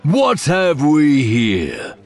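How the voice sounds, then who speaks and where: A man's voice: fairly high pitch, huge pitch swings, drawn-out words, a little mellow, a faint crowd, voice pushed up, heavily acted. A man voicing a brutish, sloppy officer who speaks in a guttural growl. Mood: menacing.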